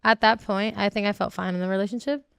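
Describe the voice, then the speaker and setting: Emotional rambling woman, smooth voice. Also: medium pitch, steady tone, quick pace, a bit bright, no echo, clean studio sound. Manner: emotional, rambling with many "like"s and restarts. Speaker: reality show contestant guest. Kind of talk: candid podcast interview.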